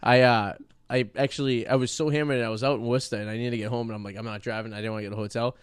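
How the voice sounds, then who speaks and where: A man's voice: mid-range voice, steady tone, racing, clear, resonant tone, dry recording. A man in his thirties with a Boston accent, hosting a podcast and trading crude, joking banter in a studio. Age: 30s. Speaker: podcast host. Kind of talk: casual chat. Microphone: studio microphone.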